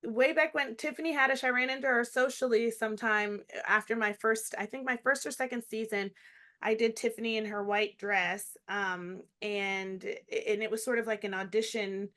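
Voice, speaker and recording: Animated woman chatting on a video call. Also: fairly high pitch. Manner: animated, frequent laughter, quick restarts. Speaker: comedic actress and guest. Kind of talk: casual interview chat.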